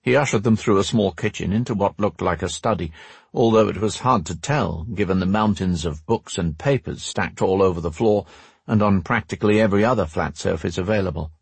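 A man narrating a fantasy audiobook in a steady, expressive storytelling manner. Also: low-pitched, a little fast, creaky, slightly rough, no echo.

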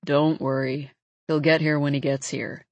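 A woman reading an audiobook and voicing a frail, tired, dying older father with a croaky voice. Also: deep voice, flat delivery, a little slow, no room sound, dull audio, pitched below the performer's own voice. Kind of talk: audiobook character voice.

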